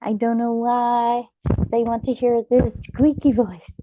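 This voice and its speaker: A young adult woman, hosting a late-night live chat, talking softly and laughing often. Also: on the high side, flat delivery, narrow, tinny audio, slight background noise. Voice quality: soft, slow, laughs often. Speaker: channel host reading live chat.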